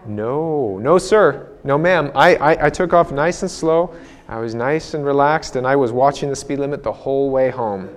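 A man's voice: mid-range voice, normal speed. A male preacher giving a conversational sermon, telling a personal story with frequent restarts and laughing at himself.

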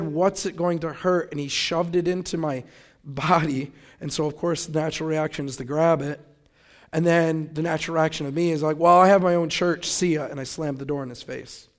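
A young man from Grand Rapids tells the story of how he came to faith. His voice sits a little high for a man. He keeps it casual and lively, slipping into his own remembered thoughts as if replaying them. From Grand Rapids, Michigan. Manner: conversational, animated retelling with quoted inner thoughts. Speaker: testimony speaker. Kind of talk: personal testimony storytelling.

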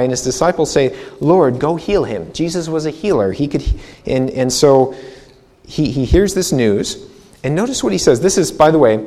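A man's voice: medium pitch, darkish tone. A man leading a Bible seminar, preaching in a casual, conversational way with frequent repetitions and restarts. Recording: long reverb hall.

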